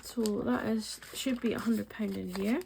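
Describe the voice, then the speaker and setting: Chatty Scottish woman with gravelly voice. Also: mid-range voice, steady tone, unhurried, noisy background. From Scottish Highlands. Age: 40s. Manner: rambling, many ums, counting money aloud. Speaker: budgeting vlogger. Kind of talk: casual chatty voice-over while cash stuffing.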